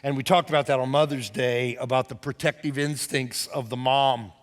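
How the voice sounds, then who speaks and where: A man pastor delivering a sermon, telling stories with animated emphasis that climbs to near shouts. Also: mid-range voice, normal speed. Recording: church hall with long reverb.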